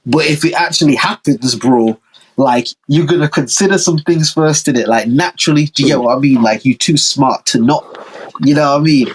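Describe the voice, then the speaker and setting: A young man trades casual podcast banter, arguing his point and slipping into impressions of other people. His voice sits at a middle pitch with a husky, breathy edge. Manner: animated, argumentative, mimics other people. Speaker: podcast co-host. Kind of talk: casual chat.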